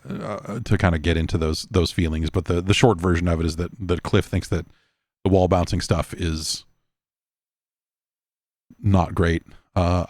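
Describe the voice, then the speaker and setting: Middle-aged dude podcast host reading mail, mid-pitch, stumbles a lot, swears some, dead dry sound. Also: male voice, no echo. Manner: rambling, stammering, swears casually. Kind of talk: casual chat reading listener mail.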